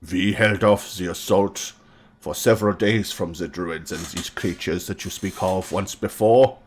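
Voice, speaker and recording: A man's voice: sits low, slight background noise. A man voicing a protective, hot-tempered middle-aged father who gives orders. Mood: commanding. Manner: commanding, quick to anger.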